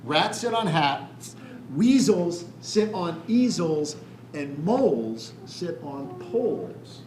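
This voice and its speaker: A know-it-all storybook cat, put on by a man reading aloud, drawing out each rhyme at an unhurried pace with a lively, swooping pitch. It sounds like an echoey library room with a crowd of children around. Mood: sing-song. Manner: slow, rhythmic rhyming recitation.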